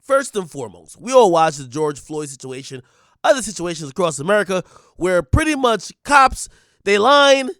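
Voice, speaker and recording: A man's voice: high voice, big pitch swings, normal speed, a bit bright, no room sound, clean studio sound. A man hosting a commentary show, talking bluntly and emphatically straight to his viewers. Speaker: commentary host. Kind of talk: casual commentary monologue.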